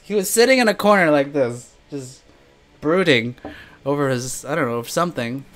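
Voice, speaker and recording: A man's voice: medium pitch, lively intonation, moderate pace, a bit bright. A man answering viewer questions in a casual live chat, telling stories and laughing often. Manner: chatty storytelling, laughs often.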